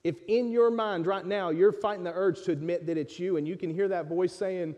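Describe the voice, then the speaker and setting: A man preaching a sermon to his congregation in a church sanctuary, impassioned, swinging between loud urging and hushed pleading. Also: high-pitched, animated, normal speed, hardly any pauses, long reverb tail. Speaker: pastor.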